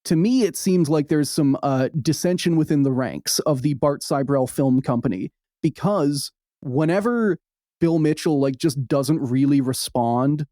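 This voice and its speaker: A man co-hosting a podcast, talking fast and wry as he recaps, with quick asides. His voice sits fairly high but sounds mellow and warm. The sound is dry and close, with no room around it. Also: no echo. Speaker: podcast co-host. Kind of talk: casual podcast chat.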